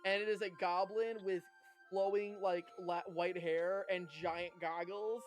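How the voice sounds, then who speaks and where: Giggly, rambling game master, high voice. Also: male voice, fairly even intonation, a little slow, soft background music. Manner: rambling, giggly, filler-heavy. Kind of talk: narrating a tabletop game.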